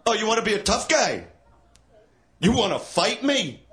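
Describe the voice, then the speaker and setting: A man working the crowd as a stand-up comic, swinging between a low, mocking murmur and loud, high jeering. His pitch sits high for a man and leaps around a lot. He is crude and taunting throughout. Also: sing-song, normal speed. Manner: crude, taunting, shouts and laughs at hecklers. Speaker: stand-up comedian. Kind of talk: crowd-work insult comedy.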